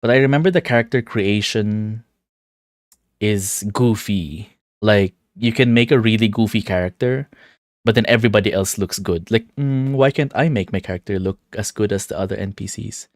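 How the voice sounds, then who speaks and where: A man's voice: on the low side, normal speed, no echo, studio quality. A man streaming a visual novel, commenting casually and chatting with a laugh. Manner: chatty, laughing, self-deprecating. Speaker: game streamer.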